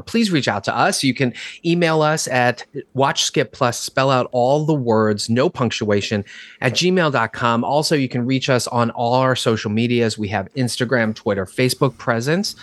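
A man co-hosting a casual movie review podcast, talking in an animated, rambling way with lots of fillers. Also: mid-range voice, dry recording. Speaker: podcast co-host.

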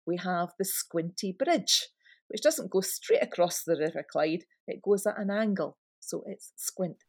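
A woman's voice: medium pitch, a little mellow. A Scottish woman and tour guide co-hosting a podcast, chatting and explaining with enthusiasm. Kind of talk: casual podcast chat.

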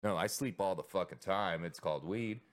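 A podcast co-host with a deep voice speaks at normal speed in casual chat. He rambles loosely, swears a lot, and acts out quotes.

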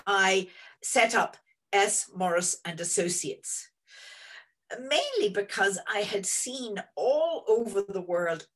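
A woman in her sixties, a guest telling students about her career in an animated, rambling way from home over a video call. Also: mid-range voice, rough recording. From Northern Ireland. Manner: animated and rambling, many restarts. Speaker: interview guest, energy executive. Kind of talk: reflective storytelling to students.

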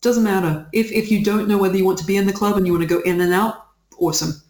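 A guest talking casually in an interview, chatty and animated, often saying "like". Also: mid-range voice, fast talker, roomy sound. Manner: chatty and animated, with frequent "like" fillers and laughter.

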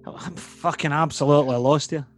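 A man's voice: on the high side, fairly even intonation, a little fast, soft background music. A man, co-hosting a podcast, firing off sweary, incredulous questions. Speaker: podcast co-host. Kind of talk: casual banter.

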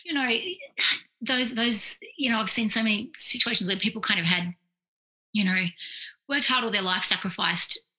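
A woman, a clinical psychologist, telling stories in a casual, animated way, full of fillers and quoted asides. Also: medium pitch, normal speed, low-quality recording. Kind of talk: casual storytelling in conversation.

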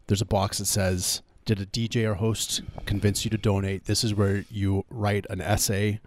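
A man's voice: lowish voice, flat delivery, moderate pace, a little hiss or hum. A man co-hosting a radio show, talking in a laid-back, hesitant way with many fillers. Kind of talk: casual comedic banter during a fund drive.

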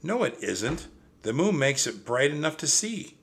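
An older man reading aloud and voicing an eager, bold little girl who talks insistently and excitedly. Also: a little high, unhurried, gravelly, pitched above the performer's own voice, exaggerated voice.

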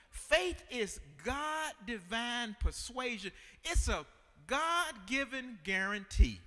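Animated high-voiced preacher in a reverberant hall. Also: male voice. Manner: preaching with emphatic repetition and call-and-response. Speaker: pastor. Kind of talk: sermon.

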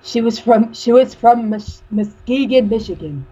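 A woman co-hosting a casual podcast chat, trading quick banter and laughing often. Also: fairly high pitch, mellow, muffled recording.

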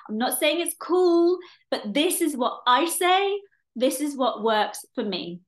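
Woman in her 40s doing a solo podcast, kinda high voice, blunt, swears a lot, keeps restarting sentences. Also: takes it slowly. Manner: frank and animated, swears freely, with many restarts. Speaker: podcast host and coach. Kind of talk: casual solo podcast talk.

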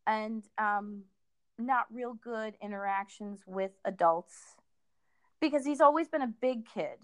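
A middle-aged woman speaking as a guest in a casual conversation, pausing often and restarting her sentences. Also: mid-range voice, no room sound. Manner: halting, many fillers and restarts.

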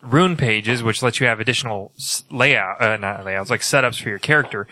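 A man's voice: medium pitch, moderate pace, sharp tone, a little hiss or hum. A man co-hosting a casual podcast, explaining at length and often restarting his sentences. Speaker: podcast co-host.

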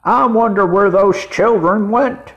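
Guy reading a baker, middle-aged, musing out loud, slow and a bit high. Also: lo-fi sound, exaggerated voice.

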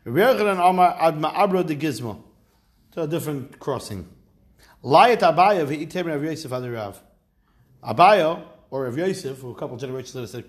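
This fairly high-voiced man teaches Talmud casually and at a moderate pace. After reading out the Aramaic, he unpacks it in everyday terms, slipping in wry jokes along the way.

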